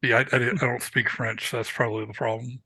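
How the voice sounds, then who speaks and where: A man at a mid pitch with a bright, forceful tone joins in a tabletop game. He hesitates and repeats words in a goofy, casual way, and the sound is close and dry. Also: flat delivery, fast talker, vocal fry, breathy edge, no echo. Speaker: player.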